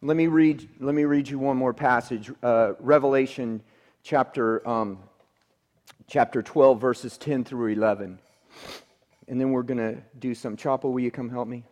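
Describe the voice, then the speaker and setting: A man preaching a sermon, telling a story that swings between emphatic outbursts and hushed, quiet passages. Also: mid-range voice, fairly even intonation, moderate pace. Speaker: pastor.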